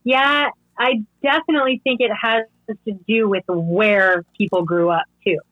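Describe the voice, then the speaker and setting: A woman, an author and guest on a podcast, chatting casually and encouraging the host with quick short replies. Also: mid-range voice, steady tone, a bit bright, dry recording, highs cut off. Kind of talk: casual interview conversation.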